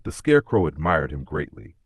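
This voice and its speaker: A man with a very deep voice tells a fairy tale calmly, with lively rises and falls in pitch. The recording is dry and close, with no room sound. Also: brisk, breathy edge, dry recording. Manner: calm, storybook telling. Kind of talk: scripted narration.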